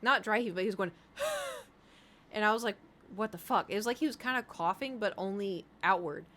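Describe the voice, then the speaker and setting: A woman's voice: medium pitch, sing-song, normal speed, bright, forceful tone, slight background noise. A woman streamer chatting casually, telling rambling stories and talking to her cat.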